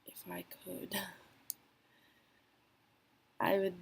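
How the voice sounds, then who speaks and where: Husky, low-toned young woman vlogging. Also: completely flat delivery, poor audio. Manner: candid, emotional, trailing pauses. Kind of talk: personal confessional vlog.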